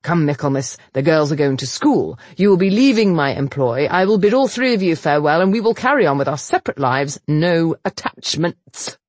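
A woman doing a gruff feverish young lord. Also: low-pitched, sing-song, fairly quick, no echo, full character voice. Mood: cold. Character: stubborn feverish duke's heir, young man, angry.

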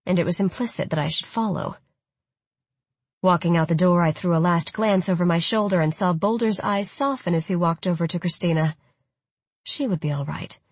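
A woman narrating a first-person story as an audiobook, with steady storytelling. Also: fairly low pitch, breathy edge, no echo. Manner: steady storytelling with quoted replies.

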